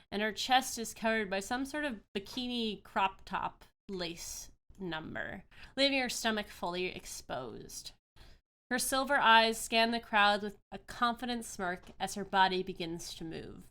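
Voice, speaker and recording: A woman's voice: mid-range voice, a bit bright, clear, resonant tone. A woman narrating a tabletop fantasy game as game master, describing scenes with frequent fillers.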